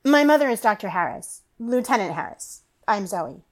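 A woman's voice: mid-range voice, sing-song, normal speed, lightly acted. Storybook teen girl, sulky and talkative, read by a woman. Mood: curious. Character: teenage girl, restless and quick-tongued.

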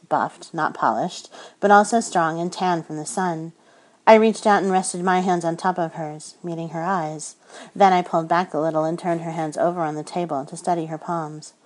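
A woman narrating a first-person romance audiobook in a soft, intimate storytelling manner. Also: low-pitched, rough recording.

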